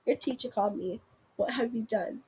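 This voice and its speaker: A young woman hosting a video, casually reading funny text messages aloud in a rushed, offhand way. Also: a little high, mellow, a little hiss or hum, poor audio. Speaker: video host.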